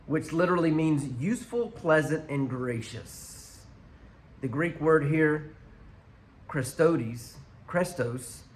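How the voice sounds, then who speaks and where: A man's voice: mid-range voice, a little hiss or hum. Man preaching a casual sermon. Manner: conversational preaching to an online audience. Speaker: pastor.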